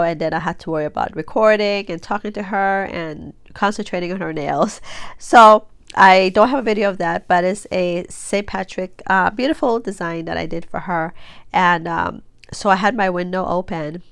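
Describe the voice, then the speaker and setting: With a lowish, smooth voice and no room sound, a woman in her forties rambles casually as she crafts for her vlog. She's chatty, full of fillers and restarts, and her nose is stuffed up from sneezing during this tutorial chat.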